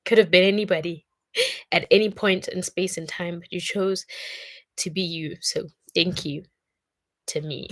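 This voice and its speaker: A young South African woman talks to the camera as a vlogger, emotional and rambling, sometimes crying, full of fillers and heartfelt tearfulness. Her voice is lowish with a steady tone and a measured pace, she pauses often, and the recording is dry.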